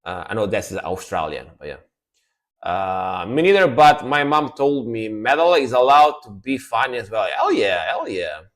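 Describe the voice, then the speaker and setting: A man chatting casually on a music reaction live stream, laid-back and rambling, often trailing off quietly. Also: fairly low pitch, big pitch swings, normal speed.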